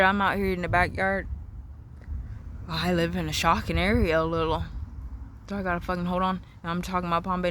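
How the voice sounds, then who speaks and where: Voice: medium pitch, bright, forceful tone, slight background noise. A vlogger talking in a casual, rambling, repetitive monologue outdoors in a backyard. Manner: rambling, repetitive, free-associating.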